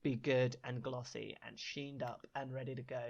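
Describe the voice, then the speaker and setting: A man co-hosting a casual podcast, playful and upbeat, teasing his co-host and giving shout-outs. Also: mid-range voice, little pitch movement, moderate pace, gravelly, lo-fi sound. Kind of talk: casual chat.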